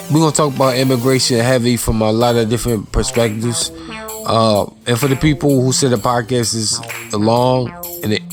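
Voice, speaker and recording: A man from Maryland hosting a podcast in a loose, rambling, slangy way. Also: medium pitch. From Maryland, USA. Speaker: podcast host. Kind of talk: casual podcast chat. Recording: music playing under the voice.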